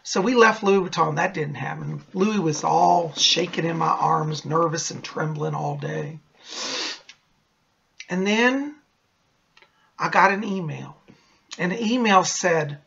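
A man's voice: on the high side, a little slow, vocal fry, long pauses, fairly bright tone, breathy edge. A man hosting his psychic channel, telling a story in a chatty, theatrical vlog manner, in a dull lo-fi recording.

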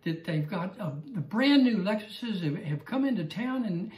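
A Bible class teacher voicing a pampered wife who coaxes her husband into expensive purchases, in a high, sweet tone. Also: lively intonation, moderate pace, darkish tone, roomy sound, distant mic, close to an everyday voice, rough recording. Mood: coaxing.

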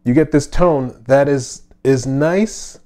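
A man hosting his own channel, giving a casual, friendly bass lesson with fillers and asides from a home studio. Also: takes it slowly, mellow, soft background music. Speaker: bass teacher and channel host. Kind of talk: casual instructional talk.

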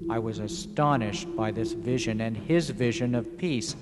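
A young man narrating his own poem in a measured, deliberate recitation. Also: lowish voice. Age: young adult. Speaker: poet narrator. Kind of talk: spoken poetry narration. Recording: echoey with steady background noise.

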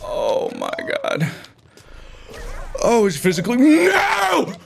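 A man doing frustrated gaming commentary, swinging from low mutters to sudden yelling as he plays. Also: huge pitch swings, slow pace, gravelly, a little hiss or hum. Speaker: gaming video host.

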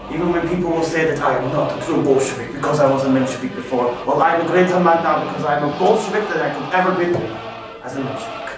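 A man's voice: mid-range voice, recorded from a distance, close to an everyday voice. A young male student playing a proud, ambitious male revolutionary who claims the leadership, in a declamatory classroom speech. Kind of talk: classroom role-play. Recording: echoey classroom from afar with music.

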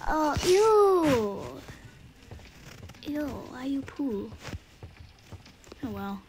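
A woman's voice: sits high, sing-song, very slow, pauses often, background noise. A woman playing a video game, casually talking and half-whispering the tasks she reads aloud. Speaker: gaming youtuber. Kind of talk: casual let's-play commentary.

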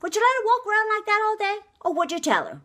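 Brash, gossipy woman with a lively voice. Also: fast. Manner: brash, gossipy, swings pitch up for outraged questions. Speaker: vlogger telling the news. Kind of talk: chatty comic monologue to camera.

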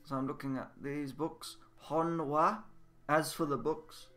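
A man giving a casual, patient Japanese lesson, repeating words and drilling them slowly. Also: fairly high pitch, steady tone, a bit bright, faint music behind. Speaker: Japanese language teacher. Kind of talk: casual spoken language lesson. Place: indoors at a computer, game voice chat.

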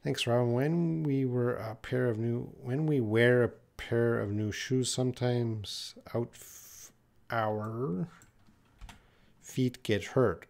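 A man teaches English in a live Q&A stream, slowly and patiently reading viewer questions aloud before explaining the answers. His medium-pitched voice is gravelly, steady and darkish.

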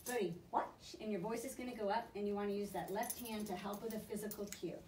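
A woman dog trainer giving brisk, encouraging hands-on coaching to a student. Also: mid-range voice, fairly even intonation, mellow, a little hiss or hum. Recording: echoey room, mic at a distance.

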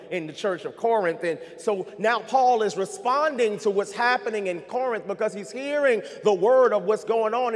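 A man preaching a sermon as pastor, calling on the congregation to respond and swinging between soft passages and rising intensity. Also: sits high, long reverb tail. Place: church sanctuary.

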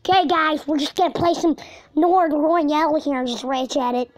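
A woman's voice: high-pitched, steady tone, normal speed. A woman hosting her own gaming channel, giving rambling, filler-heavy, crude, joking let's-play commentary. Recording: dull lo-fi recording with faint music.

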